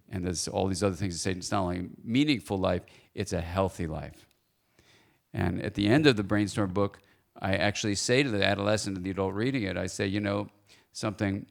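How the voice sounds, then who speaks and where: Speaking as a guest lecturer at a church forum, this man keeps things playful and energetic, often quizzing his listeners. His voice sits low, with a creaky texture.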